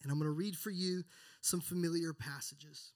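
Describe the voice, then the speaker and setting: A man's voice: fairly high pitch, fairly even intonation, normal speed. Earnest man preaching a sermon. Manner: earnest, builds then drops to hushed prayer. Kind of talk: sermon with scripture reading.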